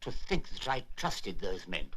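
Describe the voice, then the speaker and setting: An actor playing a gruff, kindly old English squire in a wheelchair, with bluff, old-fashioned exclamations, in a 1960s film drama. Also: male voice, low voice, big pitch swings, unhurried, sharp tone, full character voice. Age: older.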